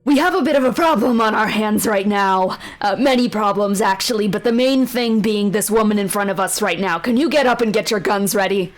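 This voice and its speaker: A woman voicing a haunted woman adventurer who swears and shouts in desperation. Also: mid-range voice, a little fast, few pauses, natural voice. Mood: hesitant.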